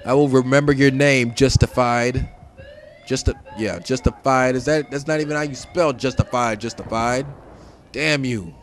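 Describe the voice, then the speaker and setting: A man giving casual gameplay commentary, joking and trash talking, swinging between shouts and mutters. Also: mid-range voice, moderate pace, slight background noise. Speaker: gaming commentator. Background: game gunfire and explosions.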